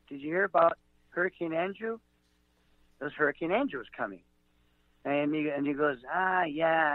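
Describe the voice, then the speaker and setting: A middle-aged man, a comedian guest, telling a rambling story with halting fillers and restarts, acting out the quotes, over a tinny phone-like line. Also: mid-range voice, no room sound.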